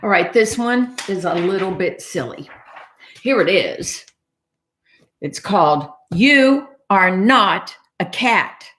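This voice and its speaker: A woman librarian reading a picture book aloud to young children, animated and explaining things simply. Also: mid-range voice, slow. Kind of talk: children's storytime read-aloud.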